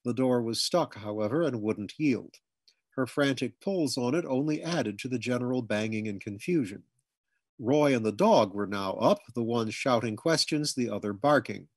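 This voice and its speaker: A man narrates a comic memoir with a slightly husky, breathy tone and a middle-pitched voice. The sound is close and dry, with no room around it. He reads steadily and shifts into loud, high shouts whenever he quotes someone. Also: animated, normal speed, no echo. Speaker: audiobook reader. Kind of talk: scripted narration of humorous memoir.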